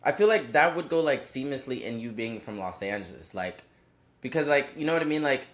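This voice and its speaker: A young man hosting a podcast, talking in an excited, hyped-up way with lots of repetition. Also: a little fast, echoey room. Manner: hyped, repetitive, upbeat pitch. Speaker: podcast host. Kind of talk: energetic show intro and casual interview.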